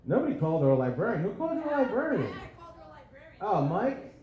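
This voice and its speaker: A man doing stand-up comedy, with a profane rant style and shouted bursts, acting out dialogue. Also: sits high, huge pitch swings, brisk, lo-fi sound. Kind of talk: stand-up set. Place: comedy club stage. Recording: echoey club with crowd laughter. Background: audience laughing.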